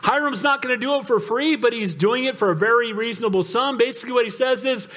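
High-voiced male preacher calling for amens. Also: fast talker, hardly any pauses. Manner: animated storytelling with calls for amen. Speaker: pastor. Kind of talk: sermon.

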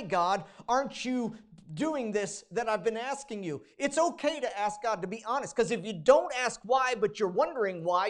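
Male pastor, informal sermon delivery with frequent restarts, dramatizes prayers in a raised voice. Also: a little high.

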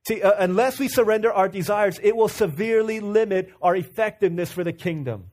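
A man's voice: high-pitched, a little fast, darkish tone. A man from Virginia preaching a sermon in a conversational, storytelling way, full of restarts and asides to the room.

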